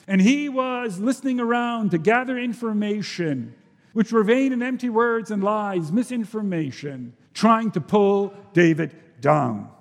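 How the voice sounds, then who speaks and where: A man preaching a sermon earnestly, his voice swinging between forceful emphasis and sudden low, hushed drops. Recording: long reverb of a large hall.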